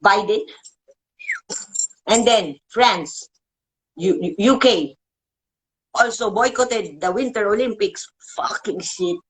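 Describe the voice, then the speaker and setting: A woman hosting her own show, delivering an agitated, swearing political rant with emotional pitch swings and halting restarts. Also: rough recording. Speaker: show host. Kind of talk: ranting political monologue.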